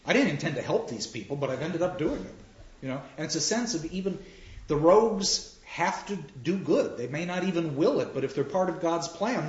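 Animated male lecturer, fairly high voice, restarts often; dull, roomy recording with faint hiss. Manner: animated, acts out quotes, frequent restarts. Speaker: lecturer on drama. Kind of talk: lecture with audience questions.

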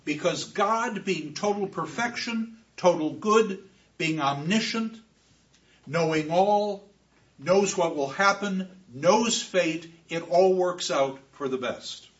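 A man giving a classroom lecture, expressive, with emphatic repetitions. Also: high-pitched, takes it slowly, distant mic, highs cut off.

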